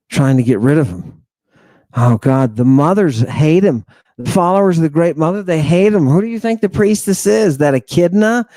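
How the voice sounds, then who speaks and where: Slow, dark-voiced sardonic male lecturer. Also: fairly high pitch, dry recording. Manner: sardonic, rambling, talks straight at listeners. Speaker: podcast host. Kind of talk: late-night lecture.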